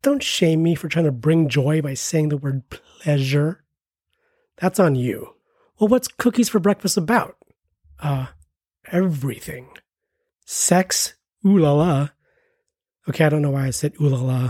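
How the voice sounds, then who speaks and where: A man in his mid-forties with a slightly husky voice delivers a scripted comedy ad with a wry, self-deprecating tone. The sound is dry and close, with no room around it. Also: on the high side, normal speed, darkish tone, no echo. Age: 40s. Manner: self-mocking, rambling asides. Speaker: comedy podcast promo reader. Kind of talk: jokey scripted ad read.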